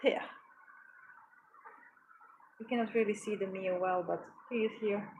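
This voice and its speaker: A woman's voice: mid-range voice, fairly even intonation, measured pace, a little mellow, muffled recording, slight background noise. A woman vlogging at home, chatting casually and cooing affectionately to her cat while she works. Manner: cooing, affectionate pet talk.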